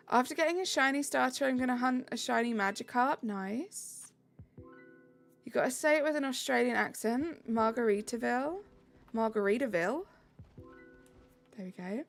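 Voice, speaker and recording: A woman's voice: high-pitched, gravelly. A woman streamer chatting casually with her live chat, giggling and teasing herself as she reads messages. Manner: giggly, self-mocking, chatty.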